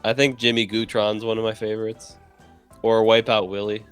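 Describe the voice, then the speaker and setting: A man speaking casually as a guest on a live stream, soft-spoken and quick to laugh. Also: fairly low pitch, completely flat delivery, smooth, faint music behind.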